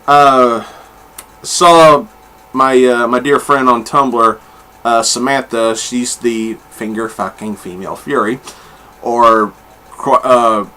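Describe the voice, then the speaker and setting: Bright-voiced blunt comic reviewer, man. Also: medium pitch. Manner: blunt and candid, swears freely; rambling with many fillers and restarts. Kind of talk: casual review monologue.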